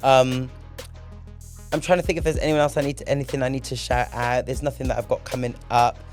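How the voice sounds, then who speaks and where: A young man hosting a solo podcast, telling a story in an animated, profane way. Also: medium pitch, rapid-fire, faint music behind. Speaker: podcast host.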